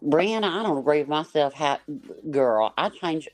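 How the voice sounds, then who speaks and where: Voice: medium pitch, animated, dry recording, soft background music. Rambling panel guest, dry close sound. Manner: rambling, halting with many restarts and fillers. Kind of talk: casual livestream chat.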